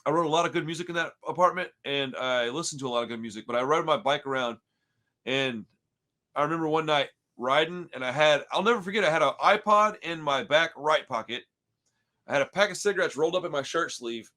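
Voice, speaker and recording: Man from Houston, podcast host, rapid casual storytelling, bright forceful voice, swears a lot. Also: on the high side. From Houston, Texas. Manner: swearing storyteller, says dude and bro. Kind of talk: casual chat.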